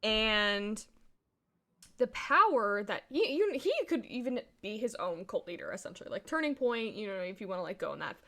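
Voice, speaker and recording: A young woman co-hosting a livestream, chatting casually, animated and opinionated, with lots of "like" fillers. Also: mid-range voice, moderate pace. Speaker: co-host.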